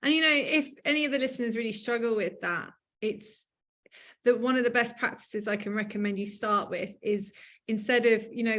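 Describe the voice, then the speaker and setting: A woman hosts a relaxed podcast chat. Her voice sits a little high, and she tells stories with lively energy, acting out the people she quotes. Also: normal speed. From Australia. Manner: animated storytelling, acts out quoted voices. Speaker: podcast host.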